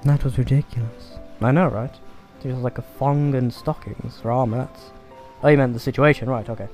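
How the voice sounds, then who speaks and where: A man's voice: medium pitch, fairly even intonation, brisk, darkish tone, soft background music. A man giving dry, joking, sweary commentary over a video game. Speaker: let's play host. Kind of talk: sarcastic gameplay commentary.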